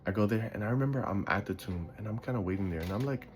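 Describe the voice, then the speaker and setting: He talks very fast with few pauses, in a lowish voice with a darkish tone, over slight background noise. This man hosts a podcast from the Bronx, New York, rambling sleepily through casual stories in a monologue while yawning. He loses his thread and swears casually.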